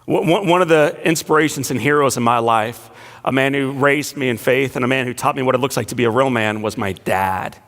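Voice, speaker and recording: Male inspirational speaker, middle pitch, storyteller mixing humor and quiet emotion. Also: brisk. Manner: storytelling, shifting between playful asides and hushed emotional lines. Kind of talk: inspirational speech to a large audience. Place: large banquet hall.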